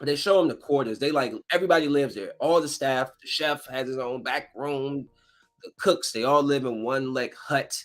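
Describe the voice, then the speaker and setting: A man's voice: mid-range voice, normal speed. Male podcast host, mid-range voice, casual rambling recap with acted-out quotes, faint music underneath.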